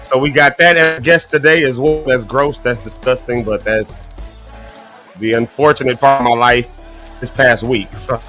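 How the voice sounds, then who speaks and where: A man hosting a casual live morning show, chatty and folksy, his throat rough from coughing. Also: medium pitch, fairly even intonation, moderate pace, bright, forceful tone, soft background music. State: choking, throat clearing.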